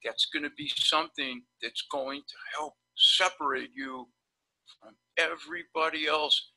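A man with a very bright, somewhat high voice rambles through anecdotes in an animated, blunt way. He talks casually over a video call, like a dentist chatting shop with colleagues. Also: measured pace, vocal fry, rough recording. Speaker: periodontist guest. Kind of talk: casual storytelling on a webinar.

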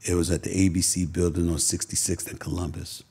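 A man's voice: low-pitched, little pitch movement, fairly quick, dark tone, breathy edge. A middle-aged man from Queens with a New York accent, a guest telling stories emphatically with many restarts. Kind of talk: podcast interview, storytelling.

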